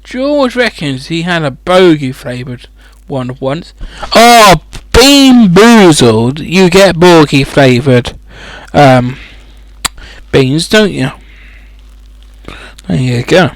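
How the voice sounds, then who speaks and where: A man's voice: on the high side, expressive, takes it slowly, long pauses, dry recording. A man reading a children's fantasy book aloud as a comedic audiobook, breaking off into rambling, sweary, mocking asides. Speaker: audiobook reader.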